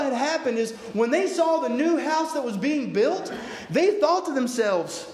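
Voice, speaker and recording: A man preaching a sermon, telling the story with animated swings between loud, excited lines and hushed, low ones. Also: a little slow, echoey room.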